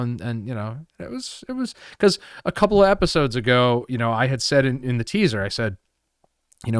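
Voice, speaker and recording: A man in his late thirties, co-hosting a podcast in casual chat, measured and reflective. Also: medium pitch, sing-song, smooth, no echo, studio quality. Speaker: podcast co-host.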